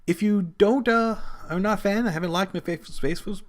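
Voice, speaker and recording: Solo and casual, a wrestling show host talks at length, restarting himself many times in an animated, rambling way. Quoting others sends his pitch jumping suddenly upward.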